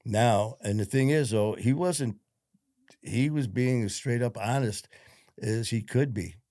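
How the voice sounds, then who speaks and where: A man's voice: medium pitch, a little slow, dark tone, no room sound, clean studio sound. A man, a former cop and podcast guest, telling his story in a frank, rambling, profane way full of fillers. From Detroit, USA. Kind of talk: casual storytelling interview.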